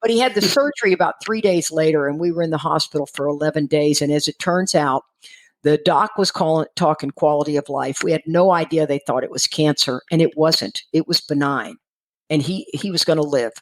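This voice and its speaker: A middle-aged woman from Texas, a recovery speaker telling her own story in a lively way and often laughing. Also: a little fast. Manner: lively, acts out quoted voices with jumps in pitch, laughs often. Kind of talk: storytelling talk.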